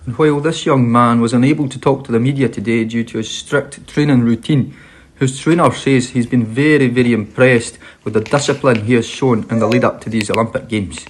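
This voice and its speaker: A man with a New Zealand accent talking as a sports trainer, with relaxed, hesitant answers full of fillers. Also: mid-range voice, a little fast. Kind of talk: casual interview answers.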